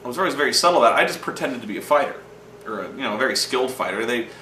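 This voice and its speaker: Brief: male storyteller, crisp bright tone, sweary and digressive, mic set back, faint hum. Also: mid-range voice, lively intonation, very fast. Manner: rambling, profane, acts out quoted lines. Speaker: host telling gaming stories. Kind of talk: casual storytelling monologue. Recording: roomy echo from a distant mic.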